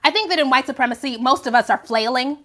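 Bright, high-pitched passionate woman. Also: fast talker. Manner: passionate, emphatic, conversational with rhetorical questions. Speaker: host. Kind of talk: live video commentary.

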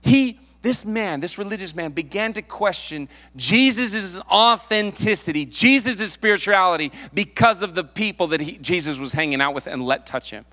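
Male pastor with a slightly high, sharp voice; playful, acts out the story's characters; echoing sanctuary. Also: expressive, normal speed, few pauses. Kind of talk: sermon. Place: church sanctuary. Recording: long hall reverb.

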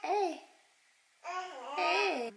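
A woman's voice: extremely high pitch, animated, drawn-out words, gravelly, fairly bright tone, slight background noise. A young woman from Romania, playfully talking to her baby in a home vlog with sing-song baby talk and frequent laughter. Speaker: mother and vlogger.

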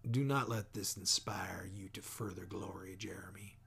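A man plays a steady, gentle father who talks in a calm, measured way with a dry edge. The voice is low-key, gravelly and a little husky. It is a storybook reading. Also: exaggerated voice.

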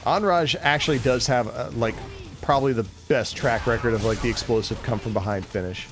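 A man's voice: medium pitch, music in the background. A man giving casual, joking play-by-play commentary on a fighting game match. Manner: joking, chatty, quick to laugh. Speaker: esports commentator.

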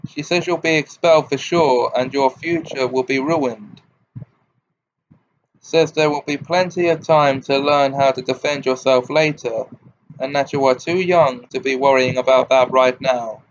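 A wry, teasing grown man, as a male audiobook reader puts him on speaks in a dry, brisk way at a middling pitch. The recording sounds slightly dull, with a faint hiss underneath. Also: fairly even intonation, natural voice. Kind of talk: audiobook character reading.

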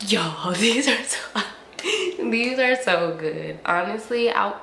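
A woman's voice: mid-range voice, lively intonation, gravelly, a bit bright. A woman, gushing playfully to camera in a casual haul review, a bit sniffly from allergies. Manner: gushing, playful, drawn-out hums and slangy asides. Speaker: beauty and fashion vlogger. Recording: roomy echo with faint ambient noise.

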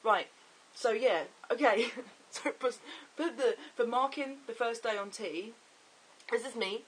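A young man chatting excitably and rambling in a casual video diary. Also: very high-pitched, measured pace, husky, rough recording. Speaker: vlogger.

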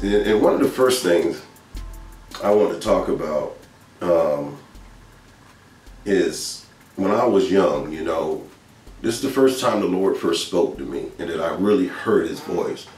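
A man's voice: sits low, lively intonation, slow pace, darkish tone. A man from Georgia, earnestly telling a spiritual testimony in a casual, storytelling way that repeats its phrases. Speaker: speaker sharing testimony. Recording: echoey room with faint music, mic at a distance.

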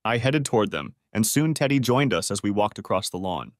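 A man's voice: fairly low pitch, expressive, fairly quick, no room sound, studio quality. A man narrating a first-person story as an audiobook, lightly voicing the characters.

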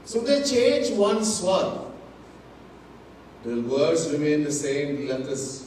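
A man with a Trinidadian accent gives a sermon as a swami. He teaches slowly and with emphasis, repeats key words and drops in Hindi and Sanskrit terms. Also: a little high, big pitch swings, darkish tone, a little hiss or hum. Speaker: swami giving a Gita discourse. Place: large temple hall. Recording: distant mic in an echoey hall.

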